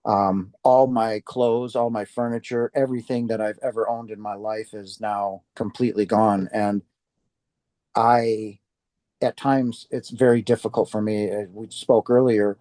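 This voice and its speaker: An older man from Wisconsin speaks as an interview guest, recounting his own story in an earnest, heartfelt way. His voice is warm and mellow, and it comes across close and dry with little room sound. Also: on the low side, little pitch movement, a little slow, no echo. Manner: earnest, heartfelt, acts out quoted speech.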